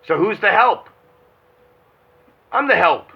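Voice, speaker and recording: A man's voice: sits high, expressive, slow, gravelly, breathy edge. A man in casual phone chat, rambling and swearing as he talks through his thoughts. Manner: rambling, swearing, self-reflective. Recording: muffled lo-fi phone call.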